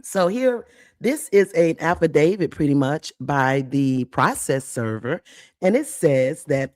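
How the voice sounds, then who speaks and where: A woman's voice: sits low, expressive, a little slow, a little mellow, no room sound, studio quality. A woman hosting a casual livestream, chatty and blunt with salty slang, greeting viewers by name. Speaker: livestream host.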